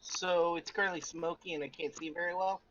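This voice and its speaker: Higher-voiced man asking rules questions. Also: fairly even intonation, fairly quick, a bit bright, lo-fi sound. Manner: asks careful rules questions. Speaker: player. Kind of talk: tabletop game play.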